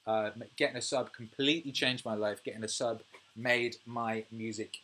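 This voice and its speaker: British male streamer in his thirties, casual, profane, animated ranting. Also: medium pitch, moderate pace. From United Kingdom. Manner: swears freely, animated rants, laughs often. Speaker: music producer and livestream host. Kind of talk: casual livestream chat reading viewer comments.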